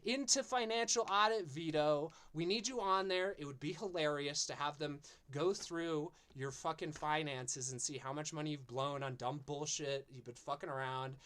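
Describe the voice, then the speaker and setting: A man's voice: a little high, fairly even intonation, moderate pace, hardly any pauses, a bit bright. A man hosting a stream, ranting in a profane, mocking and exasperated way. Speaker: streamer and show host.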